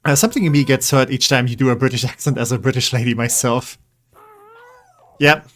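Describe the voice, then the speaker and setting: A man's voice: mid-range voice, fairly even intonation, brisk, a bit bright. Man, game streamer, casual commentary, rambling, mid-range voice. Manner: chatty, rambling, coaxing pets.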